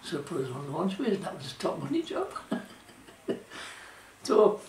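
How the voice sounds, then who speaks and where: Speaking off-mic in an echoey room, this older Geordie interviewee, once a shipwright in South Shields, England, recalls his working days in loose dialect full of "like" and "you know." His high, darkish voice swings hugely in pitch at a moderate pace, with slight hiss or hum in the background of this oral history.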